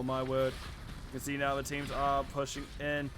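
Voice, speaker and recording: A man's voice: mid-range voice, completely flat delivery, normal speed, bright, forceful tone, a little hiss or hum. A man giving live esports play-by-play commentary, tired and rambling, with self-aware asides. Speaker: esports caster.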